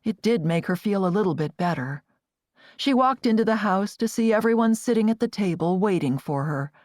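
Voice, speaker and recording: A woman narrating an audiobook in an expressive, varied read. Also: mid-range voice, moderate pace, no room sound, clean studio sound.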